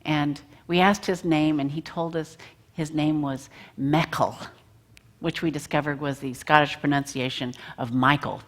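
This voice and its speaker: A woman giving a church talk, telling a travel story in an unhurried way. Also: deep voice, steady tone. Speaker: guest speaker and musician.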